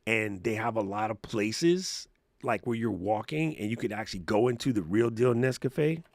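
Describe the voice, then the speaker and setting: A man's voice: fairly low pitch, expressive, moderate pace, no echo. Laid-back slangy man, dry close sound. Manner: laid-back slangy storyteller, laughs often. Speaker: host answering live chat questions. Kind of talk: casual livestream chat.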